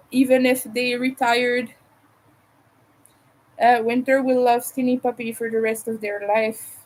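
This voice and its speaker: A woman's voice: on the high side, little pitch movement, a little slow, poor audio. A woman from Montreal with a Montreal English accent, hosting a casual crochet livestream from home, rambling and thinking aloud as she works. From Montreal, Canada. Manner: rambling, chatty, thinks aloud while crafting.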